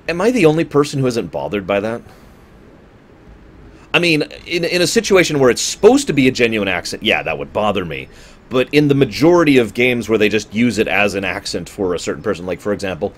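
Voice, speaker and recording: A man's voice: medium pitch, sing-song, moderate pace. A man streaming and chatting casually with his viewers, rambling and correcting himself as he goes. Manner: rambling, conversational, self-correcting; talks to chat viewers.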